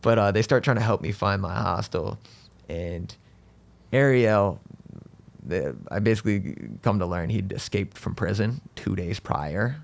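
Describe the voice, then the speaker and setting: A man's voice: lowish voice, a little slow, gravelly. A man, a comedian guest, telling a rambling, self-deprecating story in casual podcast chat, full of "like" and "dude".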